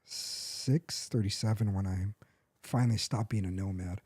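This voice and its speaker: Mellow-voiced man in rambling chat. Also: fairly low pitch, moderate pace, slightly rough, no room sound, clean studio sound. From United States. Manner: rambling, self-correcting, laughs often. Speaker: podcast co-host. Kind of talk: casual chat.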